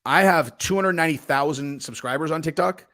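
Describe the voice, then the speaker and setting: A man's voice: fairly high pitch, a little fast, a bit bright. A young man hosting his own vlog, telling a rambling, heated, profane story with lots of fillers. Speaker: channel host. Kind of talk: ranting casual vlog.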